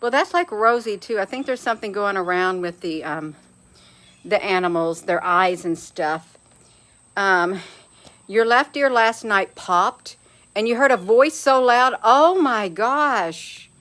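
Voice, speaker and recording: A woman's voice: medium pitch, measured pace, a bit bright. Middle aged lady chatting live w her viewers, folksy, laughs a lot, calls everyone honey. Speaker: livestream host reading viewer comments. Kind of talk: casual live chat.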